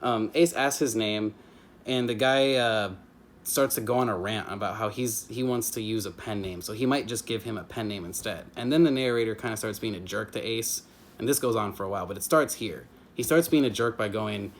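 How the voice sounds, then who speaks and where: Rambling man doing a casual review. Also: on the low side. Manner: rambling, heavy on fillers and restarts, slips into quick character impressions. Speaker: YouTube book reviewer. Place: home with family nearby.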